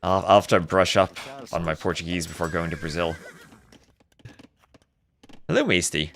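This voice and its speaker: A man casting a live strategy game, mixing chatty storytelling asides with excited play-by-play calls. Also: sits low, normal speed, gravelly, slight background noise. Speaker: esports caster. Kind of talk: live game commentary with casual chat.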